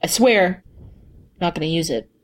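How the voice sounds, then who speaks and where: A woman's voice: lowish voice, lively intonation, normal speed. A woman voicing a broke, wisecracking freelancer who hesitates and fills the talk with ums and jokes. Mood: casual. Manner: hesitant, full of fillers, joking.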